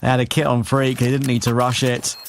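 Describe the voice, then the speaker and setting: A man casting a live esports match, with chatty banter between quick play-by-play calls. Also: medium pitch, flat delivery, slight background noise. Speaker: esports caster. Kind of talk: live color and play-by-play commentary.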